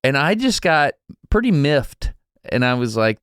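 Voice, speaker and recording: A man co-hosting a podcast, telling an anecdote in a casual, animated way, laughing and restarting as he goes. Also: medium pitch, a little slow, clear, resonant tone, no echo, clean studio sound. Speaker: podcast co-host. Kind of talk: casual storytelling chat.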